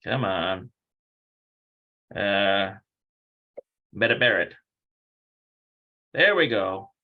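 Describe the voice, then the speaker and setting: A man's voice: fairly low pitch, lively intonation, extremely slow, narrow, tinny audio. A man teaching a casual livestreamed language lesson, rambling, thinking aloud and correcting himself as he goes. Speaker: Hebrew teacher.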